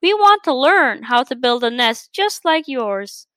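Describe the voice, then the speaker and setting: A woman's voice: high voice, very animated, measured pace, a bit bright, no room sound, clean studio sound, full character voice. A woman voicing worried mother birds pleading with a clever magpie in a storybook reading.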